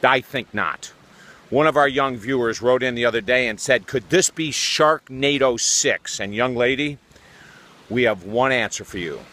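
A man's voice: medium pitch, normal speed, sharp tone. A man playing a field reporter in a comic mock news report, with a dramatic, mock-serious delivery, speaking outdoors by the water.

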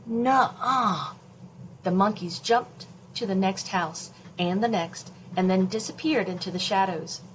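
A woman librarian reading a chapter of a children's novel aloud in a slow, expressive storytelling voice. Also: mid-range voice, a little hiss or hum, poor audio.

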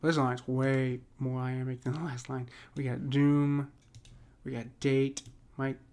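A man's voice: mid-range voice, level tone, slow pace, darkish tone, clean tone. A man casually explaining poetry meter in a rambling way, often checking with "right?". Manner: rambling, repeats "right?" often, many restarts. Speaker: poetry teacher.

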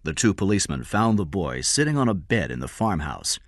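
A man narrating a story in a clear, measured storytelling manner, recorded close to the mic. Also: low-pitched, very animated, no echo. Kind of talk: scripted audiobook narration.

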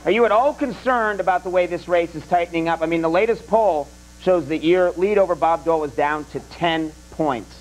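A man's voice: on the high side, a little fast, few pauses, low-quality recording. Flustered late-night host, man. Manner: flustered, repeatedly trying to regain control. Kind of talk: comedy sketch banter. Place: TV studio.

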